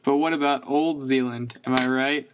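A man plays a bumbling visitor from New Zealand in a homemade comedy skit. He repeats words as he talks, in a middle-pitched voice. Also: fairly even intonation, normal speed, background noise, natural voice. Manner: repeating words in a put-on accent. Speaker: fan contributor doing an impression skit.

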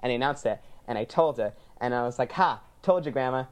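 A young man, a podcast co-host, telling a lively family story and quoting each line of dialogue. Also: mid-range voice, fast. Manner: animated, quotes people in dialogue. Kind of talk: casual storytelling chat.

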